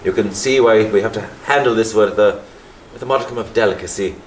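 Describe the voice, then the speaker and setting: A prying Catholic priest from Liverpool questions a family in a measured, faintly pompous manner, as an actor plays him. His voice sits low, and the stage echoes around him. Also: recorded from a distance, a little hiss or hum, natural voice. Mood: probing. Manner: measured, probing, slightly pompous. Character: prying middle-aged Catholic parish priest. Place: theatre stage. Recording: roomy stage sound, faint ambience.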